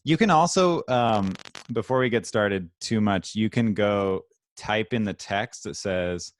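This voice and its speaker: Low-voiced man hosting a video call. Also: a little slow. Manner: upbeat, scattered, self-interrupting. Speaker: host. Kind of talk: casual livestream chat.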